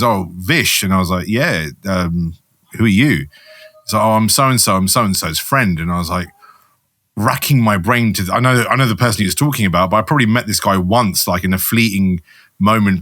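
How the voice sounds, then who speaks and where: A man's voice: low voice, a little fast, a bit bright, no room sound. A man co-hosting a podcast, talking in a casual, rambling way. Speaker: podcast co-host.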